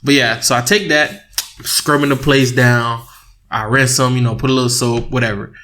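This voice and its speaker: A young man co-hosting a casual podcast with his wife, telling an animated story, laughing often and acting out both sides of an argument. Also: medium pitch, normal speed. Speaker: podcast co-host. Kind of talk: casual married-couple podcast chat.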